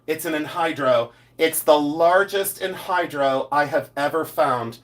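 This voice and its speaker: A middle-aged man hosting a casual jewelry livestream, chatty and excitable, often breaking into exclamations. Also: fairly high pitch, a little slow, few pauses. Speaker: livestream host selling jewelry.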